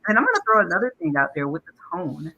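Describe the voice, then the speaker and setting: Woman panelist, very bright, sharp tone, thoughtful. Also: on the low side, wildly swooping pitch, quick pace, slightly rough, muffled recording. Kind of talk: panel discussion.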